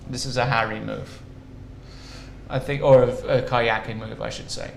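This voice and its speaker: A man's voice: medium pitch, fairly even intonation, moderate pace, creaky, reverberant, slight background noise. A man commentating live on a chess event, joking and thinking aloud over the moves.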